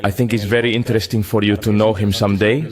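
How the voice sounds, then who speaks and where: A man hosting a podcast, asking interview questions in a brisk, friendly way. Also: lowish voice, little pitch movement, crowd noise. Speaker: podcast host.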